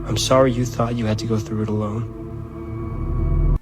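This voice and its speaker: An actor voicing a grieving young man in an animated short film, speaking quietly and with deep feeling. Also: unhurried. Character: grieving young man mourning his friend. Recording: under a music score.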